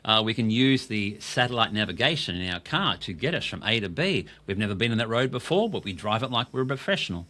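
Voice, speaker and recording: A man's voice: on the low side, sing-song, fast, hardly any pauses, bright, forceful tone. A middle-aged Australian man co-hosting a podcast, talking casually and with enthusiasm, asking himself questions and answering them. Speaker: podcast co-host. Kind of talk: casual business talk.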